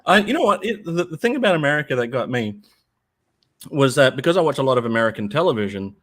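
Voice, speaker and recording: Aussie guy chatting on a livestream, average pitch, keeps laughing at himself, animated stories. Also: fast. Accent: Australian. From Australia. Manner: laughs often, self-deprecating, animated storytelling. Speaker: co-host. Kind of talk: casual livestream chat.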